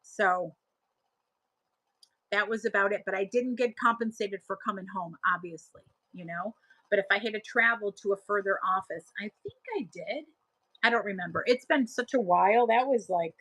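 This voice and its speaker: A woman's voice: medium pitch, moderate pace, fairly bright tone, husky, poor audio. A woman in her thirties hosting a live selling stream, chatting casually and laughing as she answers viewers' comments.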